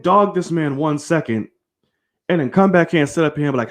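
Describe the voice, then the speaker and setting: With a lively, swinging delivery, this male sports-stream host speaks in a fairly high voice, a little fast. He is animated, heated and profane in his opinions, addressing viewers directly during his live-streamed rant.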